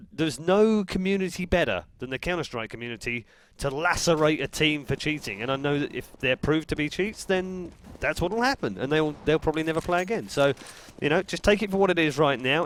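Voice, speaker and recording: A man's voice: on the high side, a little fast, hardly any pauses, a bit bright, a little hiss or hum. English man chatting through esports commentary. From England. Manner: chatty, joking banter with co-caster. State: getting a sore throat. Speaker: esports caster.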